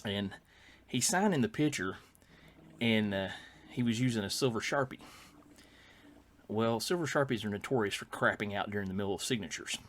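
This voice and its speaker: Rambling man, low voice. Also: moderate pace, long pauses. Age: older. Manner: rambling anecdotes with many fillers and restarts. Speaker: podcast co-host. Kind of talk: casual storytelling chat.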